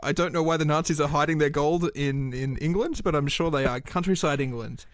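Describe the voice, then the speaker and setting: Male podcast co-host, slightly high voice, rambling self-mocking banter, very dry recording. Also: a little fast, dry recording. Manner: rambling, self-mocking, trails off mid-sentence. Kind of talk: casual comedic chat.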